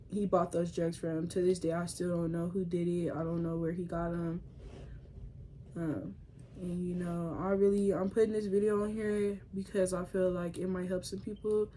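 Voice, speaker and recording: A young woman telling a personal story to her viewers in a casual vlog. She talks in slang, addresses the audience directly and often drops to a soft, tearful voice. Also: lowish voice, flat delivery, normal speed, a little hiss or hum.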